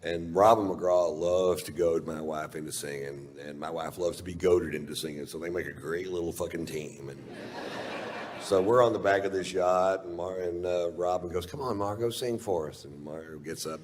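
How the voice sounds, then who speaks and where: A man's voice: a bass voice, fairly even intonation, normal speed, darkish tone, in a large hall, slight background noise. A man doing stand-up comedy storytelling, wry and profane, in a rambling anecdotal way.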